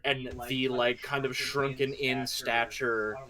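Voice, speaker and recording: Guy game-mastering an rpg, lively narrating, group noise behind. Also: mid-range voice, slow, crowd noise.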